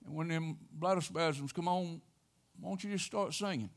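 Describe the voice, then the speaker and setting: An older man preaching a sermon, telling a personal story in a folksy way with sudden loud exclamations. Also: a little high, normal speed. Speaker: pastor.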